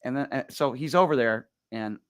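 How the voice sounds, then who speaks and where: A male radio show host telling stories in casual chat, animated and full of quick restarts. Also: medium pitch, clear, resonant tone, dry recording. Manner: rapid, animated, stumbling restarts.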